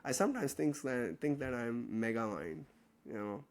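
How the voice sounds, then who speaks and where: A man's voice: mid-range voice, expressive, normal speed. A young man, teaching an online chemistry class in a casual, joking way and answering student questions. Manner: chatty, joking, reads out chat questions. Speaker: chemistry tutor.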